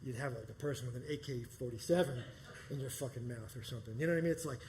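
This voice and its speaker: A man telling a personal story live on stage, animated and profane, often breaking into laughter. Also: medium pitch, very fast, slight background noise, low-quality recording. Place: performance space stage.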